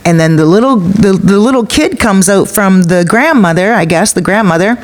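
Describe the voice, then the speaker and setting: A woman's voice: mid-range voice, moderate pace. A woman vlogger narrating a gossipy storytime in a chatty way.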